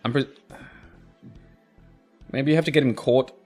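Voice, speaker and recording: A man's voice: medium pitch, fairly even intonation, unhurried, darkish tone, faint music behind. A man co-commentating a let's play, guessing at the game aloud and cracking crude jokes.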